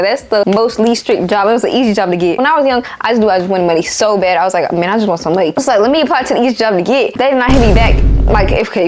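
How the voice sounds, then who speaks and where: Fast-talking young woman ranting. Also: on the high side, slight background noise. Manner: animated, exasperated, slangy. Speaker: vlogger. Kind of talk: casual storytime rant.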